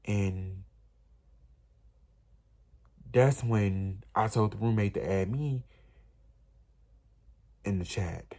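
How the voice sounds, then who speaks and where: A man's voice: lowish voice, very slow, long pauses, dark tone. A young man, telling an emotional, rambling storytime straight to his viewers. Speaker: vlogger. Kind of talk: storytime vlog.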